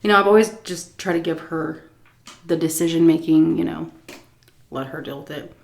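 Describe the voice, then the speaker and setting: A woman vlogger telling a story on an eating vlog, animated and profane, often clearing her throat. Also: low voice, normal speed.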